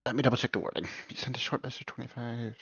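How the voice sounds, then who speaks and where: A man running a tabletop game, calmly checking rules, calling for rolls and narrating. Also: medium pitch, racing, husky, no echo, lo-fi sound. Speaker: game master.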